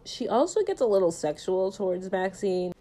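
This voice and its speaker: A woman casually recapping a horror film, chatty and animated with jokey asides. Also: medium pitch, moderate pace. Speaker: film reviewer.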